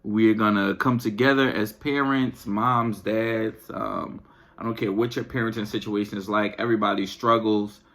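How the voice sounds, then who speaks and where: A podcast host and parent who talks in loose, slangy asides. They mumble along in a middling pitch, then burst out loud and animated when the complaints heat up. The monologue is comedic venting. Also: normal speed. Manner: casual slangy speech. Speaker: parent of young children and an eleven-year-old.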